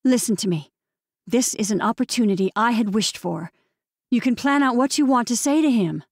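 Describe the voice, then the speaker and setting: A woman narrator voicing a steady, coaxing friend who talks slowly and deliberately. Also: a little high, dry recording, studio quality, voice pushed up.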